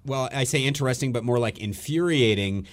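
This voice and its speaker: A man hosting a podcast, a film critic, talking in a relaxed conversational way with some filler words. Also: medium pitch, fairly quick. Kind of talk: casual chat.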